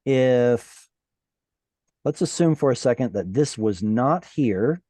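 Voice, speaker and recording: A male Hebrew teacher leads students through a text in an online class. He talks slowly, his pitch lifts and drops a lot, and his questions come across as patient. His voice is mellow and sounds close and dry. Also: animated, no room sound.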